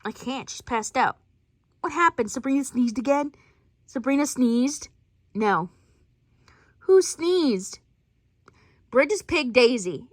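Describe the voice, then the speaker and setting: A woman's voice: high-pitched, expressive, slow, pauses often, no room sound, studio quality. A woman telling a playful family story, switching between many character voices. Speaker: storyteller voicing a family skit. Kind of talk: playful family role-play.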